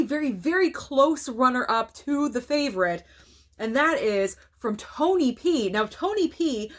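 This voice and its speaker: A woman's voice: mid-range voice, fairly bright tone. A woman hosting a casual show-and-tell vlog, talking with gushing enthusiasm and tripping over her words now and then. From United States. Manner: enthusiastic and gushing, with frequent stumbles. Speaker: collector vlogger.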